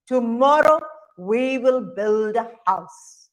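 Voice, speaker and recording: A woman voicing a father monkey who makes slow, solemn promises in a storybook tale. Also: a little high, expressive.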